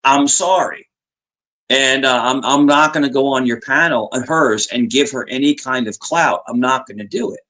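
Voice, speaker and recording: A man's voice: mid-range voice, moderate pace, bright, forceful tone. Repetitive, profane man in casual chat. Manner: profane, repeats himself. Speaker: podcast guest.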